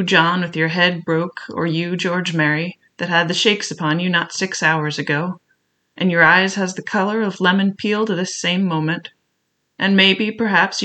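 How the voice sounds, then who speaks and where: A cunning old pirate cook, voiced by a man reading aloud, coaxing one moment and threatening the next. His rough sailor grammar comes out in a bright, forceful tone. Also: sits high. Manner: wheedling then bullying, rough sailor talk. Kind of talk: audiobook character voice.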